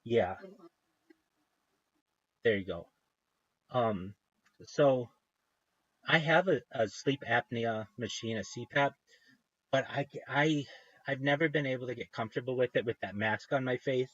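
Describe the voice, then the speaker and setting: A man chatting on his livestream, wandering from thought to thought and breaking off mid-sentence with eager enthusiasm. His voice sits at an ordinary middle pitch, close and dry with no room sound. The stream audio is a little dull and lo-fi. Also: measured pace, long pauses, a bit bright, no room sound. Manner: meandering, self-interrupting, enthusiastic. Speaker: livestream host. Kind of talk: casual rambling livestream chat.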